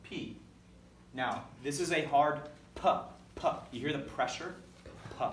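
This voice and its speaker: Speaking unhurriedly in a slightly high, fairly bright voice, a man runs lively call-and-response drills in class and fixes his own slips as he goes. The echoey room is recorded from a distance, with slight background noise.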